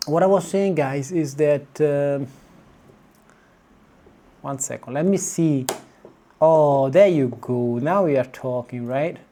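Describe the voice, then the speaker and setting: A man from Italy with an Italian accent, a native Italian speaker, ranting to camera in a casual vlog from his home kitchen, animated and exasperated with many restarts. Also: a little high, a little hiss or hum. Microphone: camera on small tripod.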